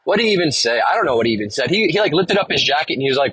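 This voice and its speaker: Husky guy rambling through a story on his podcast, swears a lot, dry close sound. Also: on the high side, big pitch swings, rapid-fire, sharp tone, no room sound, rough recording. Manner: rambling, profane, laid-back storyteller. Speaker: podcast host. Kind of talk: casual storytelling monologue.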